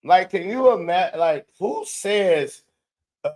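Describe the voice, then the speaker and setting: Man, show host, clip commentary, mocking, incredulous, unhurried, high-ish voice. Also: animated, a little mellow. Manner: mocking, incredulous, mimics the speaker.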